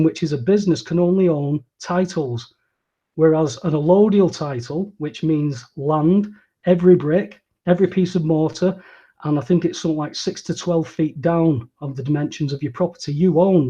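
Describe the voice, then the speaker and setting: A man hosting a casual talk show, rambling and restarting his sentences and growing animated when he agrees. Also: on the high side, breathy edge, muffled recording. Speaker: host. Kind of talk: casual conversational podcast chat.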